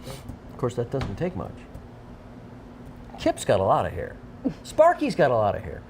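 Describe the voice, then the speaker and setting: A man's voice: medium pitch, wildly swooping pitch, unhurried, noisy background. A man hosting a local TV talk show, joking and rambling with frequent restarts. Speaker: TV show host. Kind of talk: casual studio banter.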